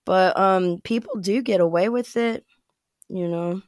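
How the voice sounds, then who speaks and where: A woman's voice: medium pitch, unhurried, a little mellow, no echo, clean studio sound. An American woman talking as a podcast guest, chatty and rambling, with frequent fillers and laughs. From United States. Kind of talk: casual interview chat.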